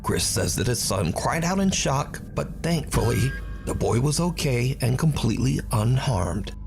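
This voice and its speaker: Guy narrating a scary story, lots of up and down in his voice, suspense-y, loud music underneath. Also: mid-range voice, very animated, measured pace, gravelly. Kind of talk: scripted narration.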